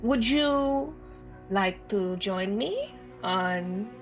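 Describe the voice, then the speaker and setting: A dry, weary noblewoman, voiced by a woman in a tabletop game. She drags out her words with slow, hesitant pauses. Soft background music plays. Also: mid-range voice, expressive, lo-fi sound.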